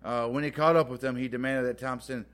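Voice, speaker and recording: A man's voice: mid-range voice, fairly even intonation, fast talker, a bit bright, soft background music. A man co-hosting a podcast, retelling history in a loose, profane, joking way with lots of filler. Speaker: podcast co-host. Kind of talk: casual history storytelling.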